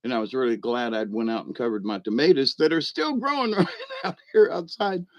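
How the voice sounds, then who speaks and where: A man's voice: medium pitch, lively intonation, fairly quick, dry recording, dull audio. A middle-aged man, giving a rambling, irreverent comedic monologue and chuckling at his own jokes. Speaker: vlog host.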